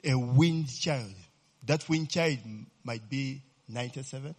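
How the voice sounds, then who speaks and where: A man delivers a lively sermon, repeatedly testing his listeners with "eh?" and questions. His mid-range voice is husky and unhurried.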